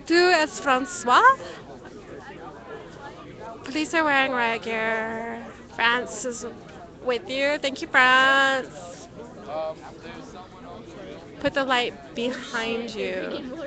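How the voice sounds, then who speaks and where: A young woman livestreaming outdoors at a night protest from a handheld phone, talking casually to viewers and often shouting out. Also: high voice, very slow, pauses often, crowd noise. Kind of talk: live street commentary.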